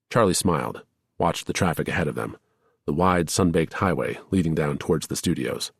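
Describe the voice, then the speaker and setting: A man narrating a thriller audiobook in a measured, even storytelling manner. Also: a bass voice, vocal fry, husky, no room sound, studio quality. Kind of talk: scripted narration.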